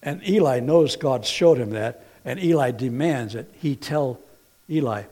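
A middle-aged man preaching a sermon in an animated way, swinging from quiet to loud, telling stories with folksy, playful asides. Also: mid-range voice, normal speed, husky. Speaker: pastor.

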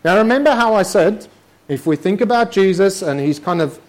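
A man preaching a sermon with a fairly high voice. He talks to the congregation in a conversational way and slips into quick imitations of his listeners' objections. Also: animated. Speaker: pastor.

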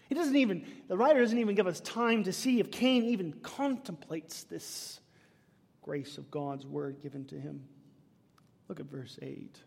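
A man preaching a sermon, emphatic, swinging between loud declaiming and hushed whispers. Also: high-pitched, breathy edge. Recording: long reverb of a large hall.

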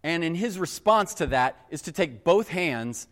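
An earnest pastor with a fairly high voice speaks a little slowly, telling personal stories in a sermon and calling the crowd "guys." He's an animated storyteller, and the long reverb of a large hall surrounds him.

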